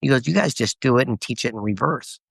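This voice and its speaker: Animated middle-aged guy telling stories, dry close sound. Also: medium pitch, fast, creaky, husky, dry recording. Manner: animated storyteller quoting others. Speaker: guest author. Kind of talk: storytelling interview.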